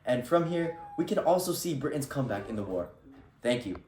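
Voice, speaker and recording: A man's voice: mid-range voice, big pitch swings, a little fast, a little mellow. Guy goofing around as a fake reporter, mock serious, echoey room, faint noise. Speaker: field reporter. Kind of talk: comedic mock newscast.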